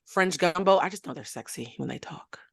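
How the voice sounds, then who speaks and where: A woman hosting a podcast, chatting casually in an animated, jokey, rambling way. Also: fairly low pitch, brisk, vocal fry, husky, no echo, clean studio sound. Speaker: podcast host. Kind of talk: casual chat.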